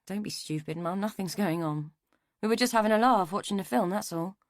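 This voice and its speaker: A woman reading an audiobook voices a weary, placid grown man, speaking in a low, subdued way. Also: fairly quick, dry recording, studio quality, close to an everyday voice.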